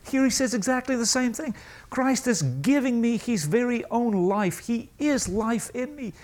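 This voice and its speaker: A man preaching a sermon, emphatic, asking the congregation rhetorical questions and slowing down to stress key phrases. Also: extremely high pitch, animated, darkish tone.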